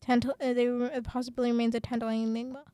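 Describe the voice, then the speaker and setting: High-voiced passionate woman podcaster. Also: rapid-fire, smooth. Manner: passionate ranting, then reading a script more calmly; many fillers and restarts. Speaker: podcast host. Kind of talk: student radio podcast talk.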